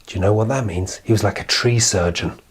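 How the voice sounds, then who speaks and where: A man telling a fairy tale to children in an animated way, with sound effects and chatty asides. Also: fairly low pitch, a little fast, slightly rough. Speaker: children's storyteller. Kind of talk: storytime narration for children.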